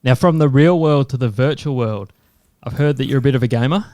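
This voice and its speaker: An Australian man with a smooth, resonant voice, interviewing a guest in a relaxed, chummy way. The sound is dry and close, with no room around him. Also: mid-range voice, a little fast, dry recording. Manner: chummy, keeps saying "mate". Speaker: podcast co-host. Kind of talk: casual interview chat.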